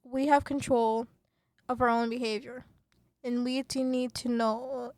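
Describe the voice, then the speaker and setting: A woman hosting a student radio podcast, talking with passion and many fillers, then reading her script in a calmer presenter voice. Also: on the high side, no echo. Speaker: podcast host.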